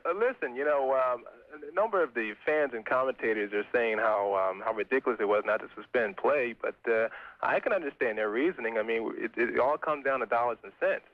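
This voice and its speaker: A man's voice: medium pitch, fairly quick, dry recording. A male caller on a sports radio show who rambles casually and fills his talk with ums. His voice sounds dry and dull, like an old radio call.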